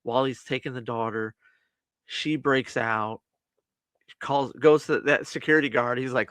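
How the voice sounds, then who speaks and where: A man co-hosting a casual movie review podcast, retelling the plot in lively fashion and acting out the characters' lines. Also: medium pitch, moderate pace, no room sound. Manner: animated retelling, acts out quotes with laughs. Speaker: podcast co-host.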